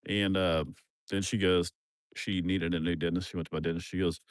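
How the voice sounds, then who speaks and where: A fairly low-voiced man with a drawl, chatting into his phone outdoors on a farm. He rambles along in a folksy, easygoing way and now and then breaks into loud, excited bursts. The sound is close and dry. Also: brisk, clear, resonant tone, dry recording. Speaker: livestream host. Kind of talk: casual rambling livestream chat.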